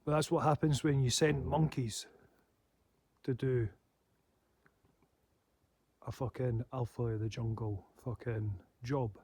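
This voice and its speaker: A man's voice: medium pitch, fairly even intonation, slow, pauses often, darkish tone, husky, dry recording. A man rambling in a casual monologue, swearing heavily and laughing to himself. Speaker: paranormal channel host.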